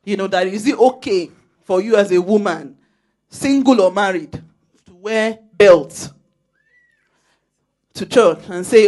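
Lively Nigerian woman preaching. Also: mid-range voice, a little slow, long pauses. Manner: lively, storytelling, laughs often, emphatic exhortation. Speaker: church speaker. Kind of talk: sermon. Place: church.

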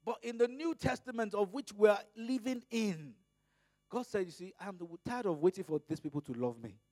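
A preacher from Nigeria delivering an impassioned sermon. He swings between loud emphasis and hushed asides, and draws out scripture readings slowly. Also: sits high, expressive, no room sound.

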